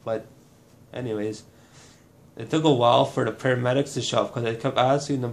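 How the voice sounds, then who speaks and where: A man from Manitoba, Canada, giving a personal testimony in a halting, restarting way, blunt and swearing at times. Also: mid-range voice, fairly even intonation. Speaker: burn survivor telling his story.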